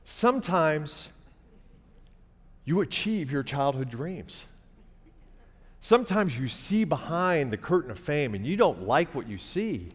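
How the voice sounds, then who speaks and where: A man's voice: a little high, sing-song, slow, long pauses, breathy edge. A middle-aged man telling a wry, conversational comic story on a theater stage, playing to the audience. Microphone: stage mic. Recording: long theater reverb, faint hiss.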